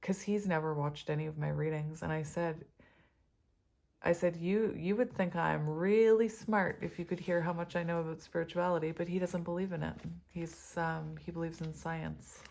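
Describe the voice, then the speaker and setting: A woman's voice: on the low side, steady tone, normal speed, creaky, a little mellow. A woman giving a casual tarot reading to her viewers, emotional and tearful, laughing often as she talks about spiritual love and energy. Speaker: tarot reader.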